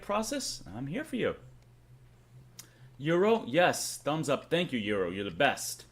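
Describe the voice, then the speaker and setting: Man streamer, upbeat and chatty with his viewers, voice bouncing up and down in pitch, somewhat high for a man. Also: wildly swooping pitch, measured pace. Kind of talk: casual live-stream chat, reading out chat names.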